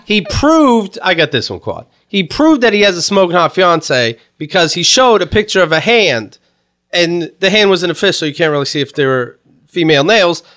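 A podcast co-host rants in casual chat, swearing freely and laughing between points. His voice sits high for a man and leaps around. He sounds lively and loose. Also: moderate pace. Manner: profane, ranting, laughs often.

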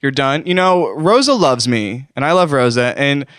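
A man's voice: medium pitch, lively intonation, moderate pace, fairly bright tone, clear, resonant tone, no room sound, studio quality. A man hosting a comedic call-in show, talking in a rambling, self-deprecating, mock-wounded way.

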